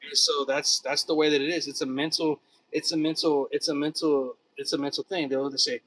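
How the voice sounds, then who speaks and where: A man with a bright, fairly high voice talks in a loose, rambling monologue. He repeats words and restarts phrases a lot and keeps throwing in "dude". He sits a little away from the mic, with faint noise behind him. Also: flat delivery, fairly quick, recorded from a distance, poor audio.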